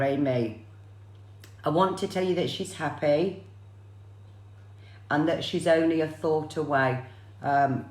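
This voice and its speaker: A woman's voice: low-pitched, roomy sound. A woman working as a psychic medium, giving a chatty live-streamed reading and often repeating viewers' names.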